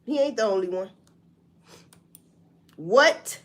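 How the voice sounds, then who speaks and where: A woman hosts a live stream, reacting to the news in a loud and profane way. Her pitch swings widely as she mocks what she reads, then drops to a mutter. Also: lively intonation, slow pace. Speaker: livestream host.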